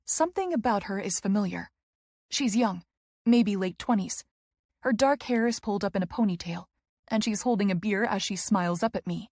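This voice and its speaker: Female audiobook narrator, mid-pitch, emotional first-person read, dry close sound. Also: moderate pace, a little mellow, no room sound.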